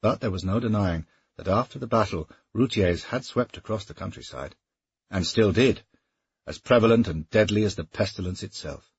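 A man narrating a historical novel in a steady, measured audiobook reading. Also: lowish voice, slightly rough, no room sound, highs cut off.

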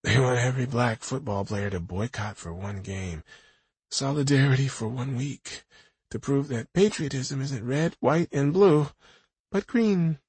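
A man's voice: medium pitch, normal speed, darkish tone, no room sound, pitched above the performer's own voice, close to an everyday voice. A man voicing a brash, playful young woman singer in an audiobook, with a teasing, showy way of talking.

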